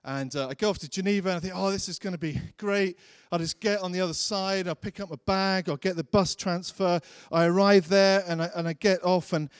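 A man's voice: high-pitched, fairly quick, few pauses, clear, resonant tone, no room sound, studio quality. A man preaching a sermon, telling a personal story in a chatty way and acting out his own thoughts.

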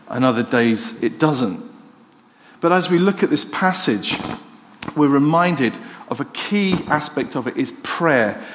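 A male pastor, preaching a sermon in a conversational, self-deprecating storytelling manner. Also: medium pitch. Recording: hall reverb, faint noise.

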